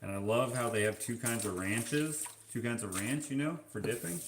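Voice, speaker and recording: A man's voice: medium pitch, echoey room, background noise. A man from Canada chatting casually while washing dishes, reading viewer comments aloud in an offhand, joking way. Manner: slow, offhand, musing and joking. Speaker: vlogger.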